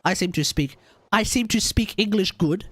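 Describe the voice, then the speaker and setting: A man's voice: sits high, moderate pace, fairly bright tone, no room sound. A man streaming a game, nasal and stuffy from a cold, rambling and joking as he repeats himself. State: blocked nose from a cold. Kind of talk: casual live-stream chat.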